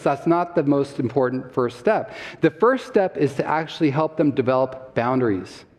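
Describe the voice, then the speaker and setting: A man's voice: fairly high pitch, animated, moderate pace, few pauses, darkish tone. A man giving a health talk to a live audience, quizzing the listeners and laughing often as he explains. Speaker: health summit speaker. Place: church hall. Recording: long reverb from a church hall.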